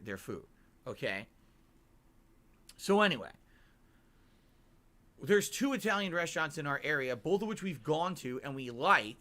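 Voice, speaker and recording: With a sharp tone and a voice on the high side, this Connecticut man in middle age delivers a rambling vlog monologue. His story is long-winded and emphatic, and he keeps checking in with whoever is listening.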